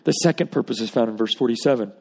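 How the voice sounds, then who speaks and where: Gravelly-voiced pastor in a reverberant hall. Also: male voice, mid-range voice, quick pace, a little mellow. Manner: emphatic, wry asides, reads scripture aloud. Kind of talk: sermon. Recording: long reverb of a large hall.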